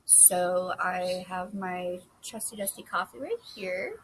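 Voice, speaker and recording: A young woman chatting casually and rambling on her front porch, a little hoarse from losing her voice. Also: lowish voice, slow, a little hiss or hum, rough recording. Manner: chatty, rambling, self-deprecating. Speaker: book vlogger. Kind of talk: casual chat. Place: covered front porch outdoors. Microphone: phone camera.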